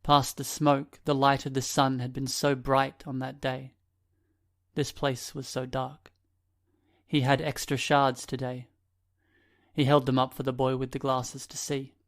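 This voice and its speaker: This is scripted audiobook narration by a man with a medium-pitched voice, delivered evenly and at a measured pace.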